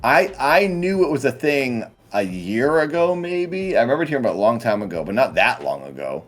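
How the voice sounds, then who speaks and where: A man's voice: medium pitch, fairly quick. A man, a guest comedian, telling rambling stories in casual podcast chat. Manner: rambling, animated storytelling.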